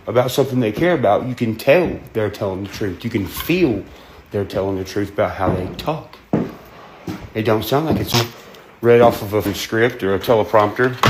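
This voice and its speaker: Southern man, mid-pitched, blunt folksy monologue, steady noise behind. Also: low-quality recording. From American South. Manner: blunt, folksy, plain-spoken. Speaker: host. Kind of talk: casual monologue.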